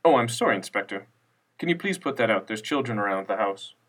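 A man's voice: fairly low pitch, expressive, a little fast, fairly bright tone, slightly rough. A man reading a story, voicing an aloof middle-aged son of a wealthy family who speaks in a detached, dismissive way. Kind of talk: audiobook character voice. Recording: distant mic with faint music.

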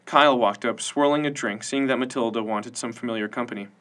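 A man narrating a science-fiction audiobook in an even, measured storytelling manner. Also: medium pitch.

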